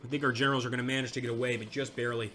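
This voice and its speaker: Excitable Southern man narrating a game battle. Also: medium pitch, rapid-fire, slight background noise. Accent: American Southern. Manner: excitable, shouts at units during the battle. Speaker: gameplay commentator. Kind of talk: let's play commentary.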